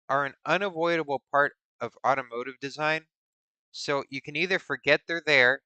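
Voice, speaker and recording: A man's voice: medium pitch, sharp tone, clean tone, no echo. A man hosting a stream in casual, rambling chat, musing aloud in a playful way. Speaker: streamer host.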